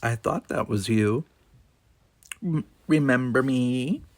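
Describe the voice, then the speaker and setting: A man voicing a cheerful young woman debater with a put-on Australian accent, high and breezy. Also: slow pace, no echo, natural voice.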